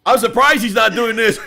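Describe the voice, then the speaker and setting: Loud, teasing man with a high, bouncy voice. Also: vocal fry. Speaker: host. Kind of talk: casual livestream banter.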